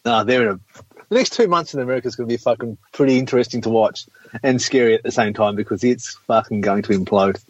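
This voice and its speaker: A man's voice: medium pitch, fast. A man talking in a sarcastic, sweary way in a casual chat, ranting with dry jokes. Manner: sarcastic, sweary, rants about politics. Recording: dull lo-fi recording.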